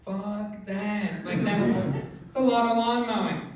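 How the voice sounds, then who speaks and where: Middle-aged male stand-up, rambling and loud in bursts, high voice, recorded from a distance. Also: steady tone, measured pace. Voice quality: voice often taken for a woman's on the phone. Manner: rambling, filler-heavy delivery with sudden loud outbursts. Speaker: stand-up comedian. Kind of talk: stand-up set. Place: comedy club stage. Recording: echoey club, distant mic, noisy.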